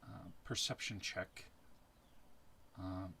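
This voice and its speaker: A man narrating a tabletop game as its game master in a slow, measured way. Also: low voice, steady tone, vocal fry, pushed and bright, slight background noise.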